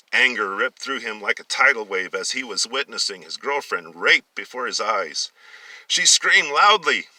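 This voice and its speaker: Man, storybook reader, sharp forceful voice, stumbles and restarts, dry room, distant mic. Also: mid-range voice, dry recording. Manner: stumbles and restarts, corrects himself. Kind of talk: reading a novel aloud.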